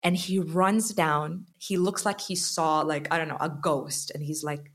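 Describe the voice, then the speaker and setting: A young adult woman telling a personal story in a casual chat, animated and acting out the quotes. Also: normal speed, hardly any pauses. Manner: animated, acts out quotes with rising pitch. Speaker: podcast guest.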